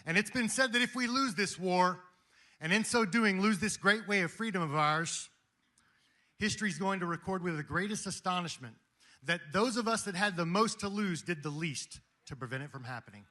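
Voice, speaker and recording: A man's voice: sits high, animated, normal speed, sharp tone. A man giving an impassioned, preaching speech to a live audience at a Christian gathering. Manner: preaching, rhetorical, emphatic.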